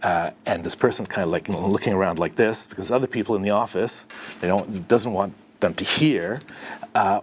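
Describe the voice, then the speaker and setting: A middle-aged man from Canada, a podcast guest, telling a story in an animated way and acting out the dialogue. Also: on the low side, normal speed, husky. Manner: animated, acts out dialogue in his anecdotes. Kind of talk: conversational storytelling.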